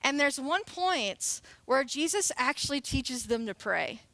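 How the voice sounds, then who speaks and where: A woman's voice: high-pitched, very animated, measured pace, sharp tone, no room sound. A woman in her late twenties giving a casual, playful sermon as a youth pastor. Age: 20s. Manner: casual, chatty and playful, laughing often.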